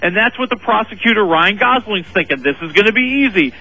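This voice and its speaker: Brief: male film reviewer on radio, high voice, bright tone, animated, filler-heavy storytelling. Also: brisk, dry recording, highs cut off. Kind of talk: casual radio movie review.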